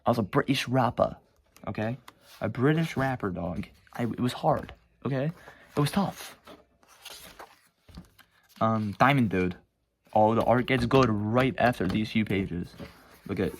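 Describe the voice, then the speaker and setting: A teenage boy casually rambling about his own sketchbooks at home, swearing and mocking himself. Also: lowish voice. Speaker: vlogger showing his sketchbooks. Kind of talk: casual chat.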